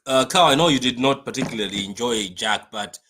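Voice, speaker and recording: Bright-voiced excitable man hosting a stream. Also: medium pitch, a little fast, a little hiss or hum. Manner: excitable, repetitive, reads viewer comments aloud. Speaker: fan channel host. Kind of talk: live-stream match reaction chat.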